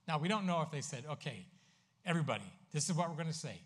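A man preaching a sermon as pastor, swinging from emphatic, loud lines to hushed asides. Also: a little high, animated, fast talker.

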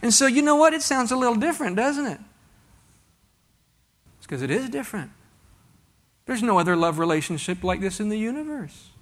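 A man's voice: very high voice, very animated, fairly quick, long pauses, fairly bright tone. A man preaching a sermon to a congregation, reading scripture aloud and asking rhetorical questions in a conversational way. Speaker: pastor.

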